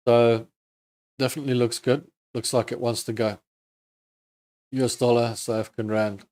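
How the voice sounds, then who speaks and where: Give me a man with a medium-pitched voice casually talking viewers through market charts on a live stream. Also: flat delivery, moderate pace, darkish tone. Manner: casual, thinks aloud over charts, chatty with viewers. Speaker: trading stream host.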